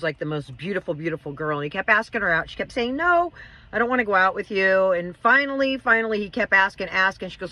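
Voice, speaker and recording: A woman telling a joke story in a casual way, jumping up in pitch for the quoted voices. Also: dry recording, low-quality recording. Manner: animated, jumps to high pitch for quoted voices.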